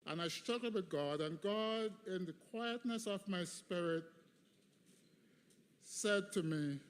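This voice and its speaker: In a large hall at a graduation ceremony, a man in his fifties preaches an emphatic commencement address built on rhythmic repetition. His high-pitched voice is clear and resonant, and he speaks slowly. Long hall reverb fills the recording.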